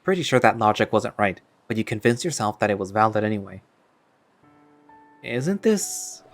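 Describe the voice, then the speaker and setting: A man reading a story aloud as narrator in a plain, steady second-person voice. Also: on the low side, quick pace, faint music behind.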